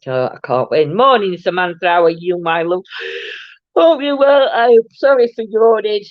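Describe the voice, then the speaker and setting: A woman's voice: on the low side, expressive, moderate pace, dry recording, dull audio. A woman hosting a casual live morning chat from her home, rambling on and greeting viewers by name. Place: at home, indoors.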